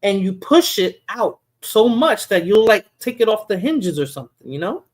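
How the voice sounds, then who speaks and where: A woman's voice: medium pitch, sing-song, moderate pace. Casual woman livestream host. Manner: chatty, laughing, conversational. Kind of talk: casual chat reacting to a clip.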